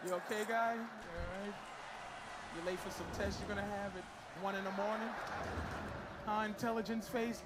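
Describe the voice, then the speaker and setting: A middle-aged man doing stand-up crowd work, teasing people in the audience, swinging from shouts to mutters. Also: sits high, steady tone, moderate pace, long pauses. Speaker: stand-up comedian. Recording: loud noisy live club recording.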